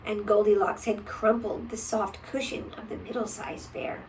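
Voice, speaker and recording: A woman reading a picture book aloud to a child, gentle and often dropping to a whisper. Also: medium pitch, little pitch movement, moderate pace, hardly any pauses, recorded from a distance, slight background noise, rough recording.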